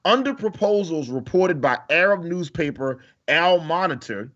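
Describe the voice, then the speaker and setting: A man's voice: on the high side, fairly bright tone. A man co-hosting a casual podcast, reading a news story aloud with profane, joking asides. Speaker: podcast co-host. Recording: slightly dull, faintly noisy podcast audio.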